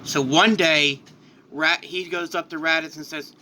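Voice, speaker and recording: A man's voice: on the high side, fairly even intonation, a little slow, pushed and bright, slight background noise. A man casually narrating a fan-made what-if story, loose and rambling with restarts.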